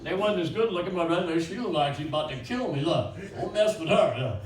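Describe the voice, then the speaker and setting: An older man works a small, nearly empty bakery open mic, firing off crude one-liners and drifting from bit to bit. His voice sits a touch high and carries a roomy echo. It is picked up from a distant mic, with a faint hum of ambience behind him. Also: animated, brisk. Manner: rambling, crude, jumping between one-liners. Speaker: stand-up comedian. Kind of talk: stand-up comedy at an open mic. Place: small bakery venue with few people.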